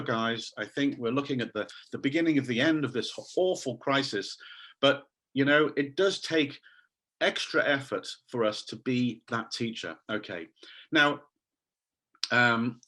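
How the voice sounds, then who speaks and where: A man leading an online teacher training session over a video call, enthusiastic and animated as he quizzes his audience. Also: medium pitch, measured pace. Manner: quizzes the audience, reads names from chat.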